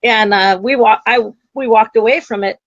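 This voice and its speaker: A woman's voice: fairly high pitch, moderate pace, no echo, muffled recording. A woman guest, a psychic medium, telling a story in an interview and acting out the voices she quotes. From United States.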